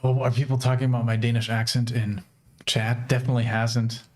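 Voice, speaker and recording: A young American man thinks aloud while programming on a livestream, giving casual live coding commentary with many fillers. His mid-range voice is level, brisk, and a little mellow.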